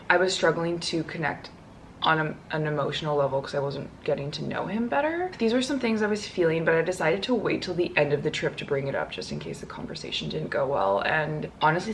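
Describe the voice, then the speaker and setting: Low gravelly young woman vlogger. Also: slight background noise. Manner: chatty, heavy use of "like", quotes others in her own voice. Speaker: vlogger telling a story. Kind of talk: casual story time.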